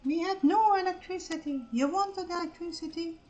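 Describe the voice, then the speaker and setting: A woman voicing a grumpy old-timer who boasts about hard times, in a loud, exaggerated, mock-boastful way. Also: very high voice, moderate pace, dull audio, pitched above the performer's own voice. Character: grumpy old-timer telling hardship tales.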